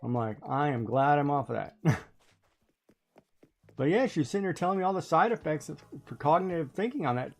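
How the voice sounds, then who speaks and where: A woman's voice: deep voice, animated, fairly quick, long pauses. A woman streamer chatting casually as she plays, telling stories with frequent laughter. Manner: chatty storytelling, laughing often. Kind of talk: casual chat while playing a game.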